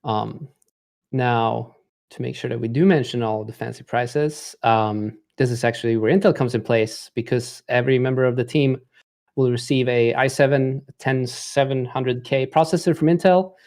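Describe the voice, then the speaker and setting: A man hosts a live stream in an easy, rambling way, full of fillers and restarts. His voice sits in an ordinary middle pitch. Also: moderate pace, creaky, darkish tone. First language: not English. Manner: rambling, many fillers, laughs easily. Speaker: livestream host. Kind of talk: casual livestream presenting.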